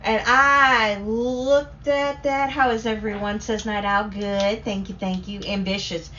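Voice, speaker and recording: A woman with a Southern US accent, hosting a casual story time on a livestream, rambling excitedly between reading chat comments. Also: mid-range voice. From Southern United States. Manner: rambling and excitable, talks in quick bursts. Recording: slightly dull lo-fi stream audio with faint noise.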